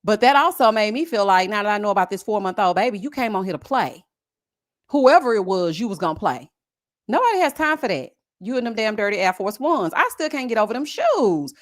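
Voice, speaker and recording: A woman chatting casually about a reality show, sassy and animated, calling people honey and mocking them with impressions. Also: medium pitch, brisk. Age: adult with a son. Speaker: live-stream reality show commentator.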